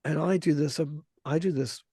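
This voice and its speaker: A man's voice: on the high side, normal speed, warm tone, slightly rough, no echo. A man in his forties telling a story in casual conversation, rambling with many restarts and vivid retelling. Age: 40s.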